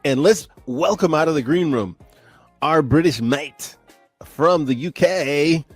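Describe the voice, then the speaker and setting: A man hosting a business tech podcast, giving energetic, hype-filled introductions and chatting casually with his guest. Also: a little high, takes it slowly, breathy edge, dry recording, soft background music. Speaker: podcast host. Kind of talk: upbeat show hosting.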